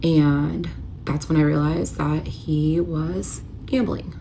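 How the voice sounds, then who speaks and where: A woman's voice: low-pitched, steady tone, takes it slowly, vocal fry, dark tone, slight background noise. A woman recounting a painful personal story in a confessional vlog, candid and emotional, with lots of "like". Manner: emotional, candid, uses filler "like" often. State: tearful at moments. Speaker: storyteller recounting her marriage.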